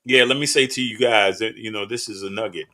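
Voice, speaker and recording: Low, bright-toned male podcast host. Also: a little fast. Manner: jokey, laughs along. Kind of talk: casual interview chat.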